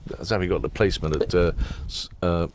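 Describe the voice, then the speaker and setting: A man's voice: sits low, fairly even intonation, brisk, a little hiss or hum. A man who guides ghost tours, telling rambling local history anecdotes in a casual interview. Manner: rambling anecdotal storyteller, chatty with asides. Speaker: ghost tour guide and author.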